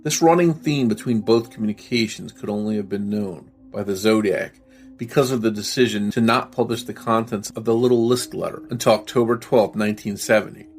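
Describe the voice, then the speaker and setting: A man narrating a true-crime podcast from a script, laying out his reasoning in a measured, explanatory way. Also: lowish voice.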